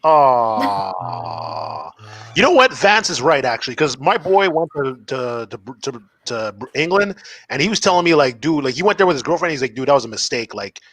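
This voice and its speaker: A man co-hosting a comedy podcast, excitable and chatty, stumbling over repeated words as he talks. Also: mid-range voice, moderate pace, creaky. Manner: excitable, stammering restarts. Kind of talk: casual podcast chat.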